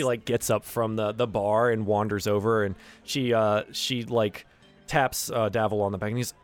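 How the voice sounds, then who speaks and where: A man's voice: on the low side, steady tone, normal speed, soft background music. A man narrating a tabletop role-playing game as game master, in a loose, casual way with many fillers.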